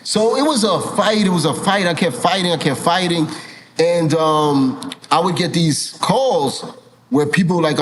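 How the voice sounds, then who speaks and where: A man being interviewed as a director, telling animated stories, swearing casually and acting out what people said. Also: on the high side, normal speed, slight background noise, rough recording. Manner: animated, swears casually, acts out quoted dialogue. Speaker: film and TV director, guest.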